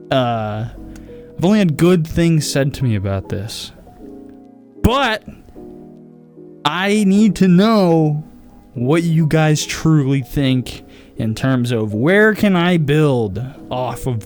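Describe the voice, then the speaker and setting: Slow-talking young man rambling. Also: mid-range voice, darkish tone. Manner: rambling, self-critical, swears often. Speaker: podcast host. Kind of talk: casual solo talk to listeners.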